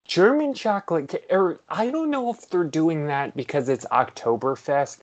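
A man co-hosting a podcast, reading out beer facts slowly with lots of ums and dry humor. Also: a little high, muffled recording. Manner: slow, hesitant, many ums, dry humor. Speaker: podcast co-host. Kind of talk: casual podcast chat. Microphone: headphones on, studio mic.

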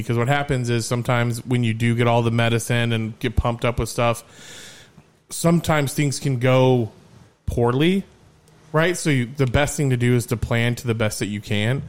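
A man hosting a podcast, telling stories in a lively, casual way and swearing freely. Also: mid-range voice, clear, resonant tone. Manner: animated storyteller, swears freely. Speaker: podcast host.

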